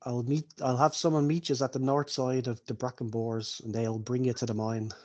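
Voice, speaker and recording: A shrewd, wealthy hobbit patron who talks business and bargains hard, put on by a man running a tabletop game. His voice sits at an ordinary middle pitch, and the figure stays close to his own everyday voice. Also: flat delivery, normal speed, a little mellow, natural voice. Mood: businesslike.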